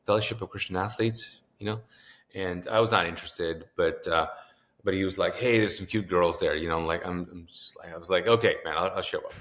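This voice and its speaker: A man's voice: low voice, a bit bright. A man in his fifties, a pastor, earnestly recounting a personal story in an interview and acting out the voices of people he quotes. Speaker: pastor and author, interview guest.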